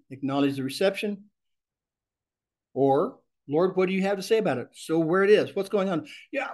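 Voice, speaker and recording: A man instructs a ministry class in a fairly high voice, animated and expressive throughout, and says the sample prayers out loud as he teaches.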